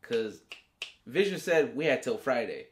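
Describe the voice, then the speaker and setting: A man's voice: medium pitch, big pitch swings, a little slow, slight background noise. A man hosting a casual TV episode review, talking in slang with plenty of swearing and acting out the characters' reactions. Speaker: reviewer and show host.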